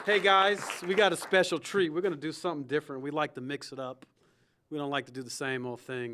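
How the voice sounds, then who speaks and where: A man's voice: a little high, fast talker. A man hosting a comedy show, introducing the acts and hyping up the crowd. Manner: energetic emcee patter.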